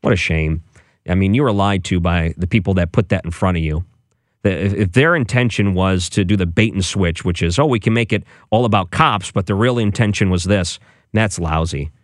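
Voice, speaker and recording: A man's voice: low voice, no room sound, studio quality. A man hosting a late-night call-in radio talk show, conversational and opinionated. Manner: conversational, opinionated, quick to laugh.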